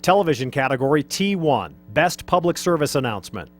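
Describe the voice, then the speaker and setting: A man presenting awards, reading out categories and winners briskly. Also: a little high, very animated. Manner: brisk, announcing.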